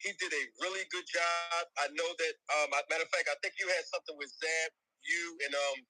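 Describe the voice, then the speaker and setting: A man's voice: on the high side, fairly even intonation, brisk, sharp tone, no echo, soft background music, poor audio. A man, a boxing manager, talking emphatically in a podcast discussion.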